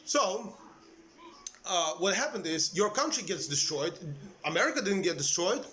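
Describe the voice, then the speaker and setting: A man's voice: sits high, lively intonation, moderate pace, pushed and bright. A man ranting casually to the camera like a political commentator, cursing and restarting his sentences with many fillers. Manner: profane, heated, trailing restarts and fillers. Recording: echoey room with faint background noise.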